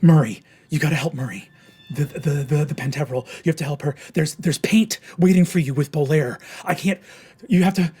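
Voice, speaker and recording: A man's voice: a little high, a little slow, pauses often, slightly rough, full character voice. A man voicing a condemned man's frantic last words. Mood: panicked. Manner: urgent, breathless pleading and loud defiance. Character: condemned young man facing the gallows, defiant.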